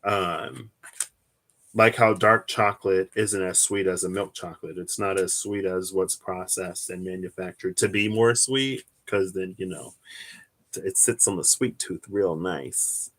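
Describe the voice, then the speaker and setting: A young man talks loosely and rambles, drifting from one story to the next while he reads tarot on a live stream. His voice sits fairly low but sounds bright and forceful, and he breaks into squealing, high-pitched laughs. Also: steady tone, a little slow.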